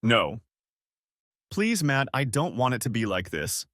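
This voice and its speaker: A man's voice: medium pitch, sing-song, measured pace, a bit bright, no echo, clean studio sound. A man reading as a tearful pleading wife.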